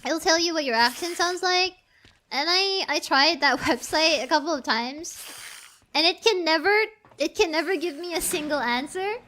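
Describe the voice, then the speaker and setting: Filipino-accented woman, game streamer, high voice, talky and meandering with plenty of restarts. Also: moderate pace, pushed and bright. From Philippines. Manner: chatty, rambling, restarts phrases while thinking aloud. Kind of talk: casual game-stream chat.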